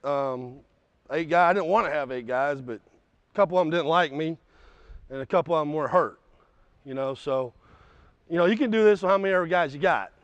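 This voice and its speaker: High-voiced coach barking drills. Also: male voice, brisk, long pauses, no room sound. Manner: barks short commands, shouts during drills; blunt, profane, folksy explanations. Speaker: basketball coach. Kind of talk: coaching clinic with live drills. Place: gym. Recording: dull, slightly lo-fi sound.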